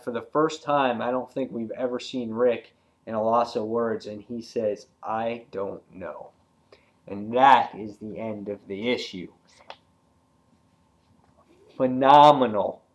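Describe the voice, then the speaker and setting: A man reviewing a comic book in casual talk, retelling scenes excitedly with many fillers and acting out the characters' lines. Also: medium pitch, unhurried. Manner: loose and rambling, many fillers.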